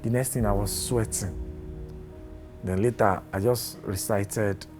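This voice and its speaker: A Nigerian man with a fairly low voice tells a story step by step and acts out the voices he quotes. Clear music plays behind him throughout. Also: fairly even intonation, unhurried. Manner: plain narrative, acts out quoted dialogue. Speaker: friend interviewed. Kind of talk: storytelling recollection.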